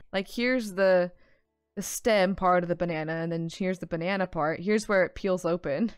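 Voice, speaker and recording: A woman streaming a game with casual live commentary, excitable, swearing freely and laughing often. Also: fairly low pitch, brisk, clear, resonant tone, soft background music.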